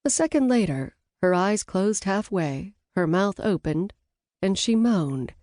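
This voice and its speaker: A woman reading an audiobook in a measured, even storytelling manner, close to the mic. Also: medium pitch, no echo. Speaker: audiobook narrator. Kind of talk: scripted audiobook narration.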